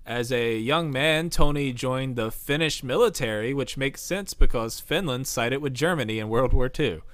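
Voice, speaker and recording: A man co-hosting a podcast in relaxed, casual chat, laughing easily. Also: mid-range voice, normal speed, no room sound. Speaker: podcast co-host.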